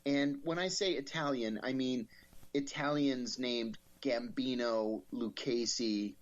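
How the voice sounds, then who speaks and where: A middle-aged man, an interview guest, telling stories in a wry, animated way and acting out the people he quotes. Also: medium pitch, takes it slowly, muffled recording. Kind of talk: storytelling in an interview.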